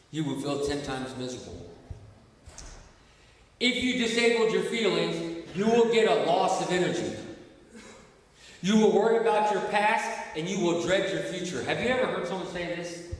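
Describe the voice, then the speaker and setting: A man preaching to a recovery group, impassioned, dropping low and hushed then rising loud. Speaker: recovery ministry speaker. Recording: echoey hall, mic from far off.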